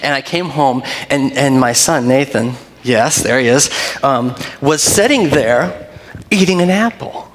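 A man's voice: medium pitch, unhurried. Man preaching in a reverberant hall. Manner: storytelling, animated and laughing. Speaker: pastor. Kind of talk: sermon. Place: church sanctuary.

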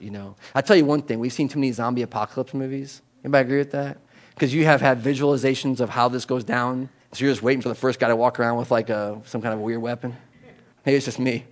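A middle-aged man preaching a conversational sermon as a pastor, animated and chatty, with sudden jumps in pitch and volume and repeated words and asides.

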